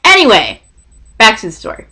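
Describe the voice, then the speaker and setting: Young texan girl vlogging a story, super animated voice that swoops up and down, keeps tripping over her words. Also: fairly high pitch, brisk, slightly rough. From Texas. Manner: rambling, self-interrupting, excitable. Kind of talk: storytime vlog.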